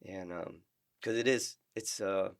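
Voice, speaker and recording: Gravelly low-voiced middle-aged man. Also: fairly even intonation. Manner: halting, earnest, many restarts and fillers. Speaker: podcast guest, retired Marine. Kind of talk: casual interview storytelling.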